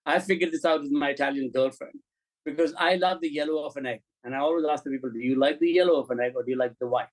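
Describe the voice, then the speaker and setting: High-voiced man telling blunt stories. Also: quick pace, rough recording. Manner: animated anecdotes, blunt and profane, acts out quoted dialogue. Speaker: film director, guest. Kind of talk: candid interview storytelling.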